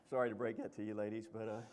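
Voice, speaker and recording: A man's voice: fairly low pitch, a little hiss or hum. A male pastor preaching a sermon, telling a story in a folksy, humorous way with lots of restarts.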